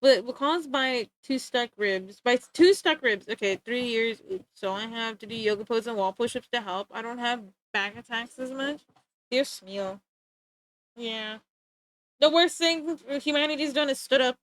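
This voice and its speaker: Woman streamer, casual chat while drawing; high, sharp voice, animated and self-mocking. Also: low-quality recording. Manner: animated, joking, self-mocking, quick to laugh. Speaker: livestreamer.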